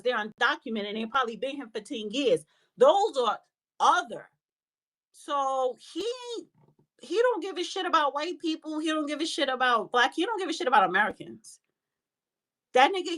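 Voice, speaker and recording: A woman's voice: high voice, a bit bright. A woman hosting a live audio room, talking bluntly and with plenty of swearing about politics and calling on speakers. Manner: blunt, profane, scolding. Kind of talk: casual heated political talk.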